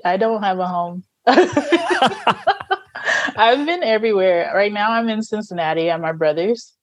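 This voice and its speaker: A woman's voice: medium pitch, moderate pace, dry recording. A woman from Nashville, a singer-songwriter guest, chatting in a bubbly way over a video call. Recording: dull lo-fi call audio.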